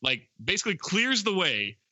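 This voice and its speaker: A man's voice: high voice, very animated, normal speed, bright, forceful tone, no echo, muffled recording. A man co-hosting a podcast, casually recapping a movie plot with lots of fillers. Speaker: podcast co-host.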